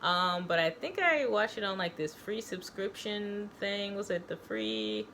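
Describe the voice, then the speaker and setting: A woman's voice: mid-range voice, big pitch swings, a little slow, a bit bright, a little hiss or hum. A woman giving a casual, chatty video review and reading, talking loosely with slang. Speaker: book reviewer and author.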